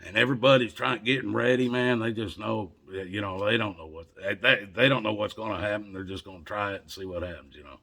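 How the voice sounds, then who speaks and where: Man with a low, gravelly voice and a bright, husky edge, casual rambling storytelling. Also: a little fast, few pauses. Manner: rambling, conversational, with repeated restarts.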